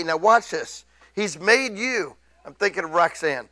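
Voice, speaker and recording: A middle-aged man preaching a sermon, excitable, swinging from hushed asides to loud, drawn-out scripture readings. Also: high-pitched, dry recording.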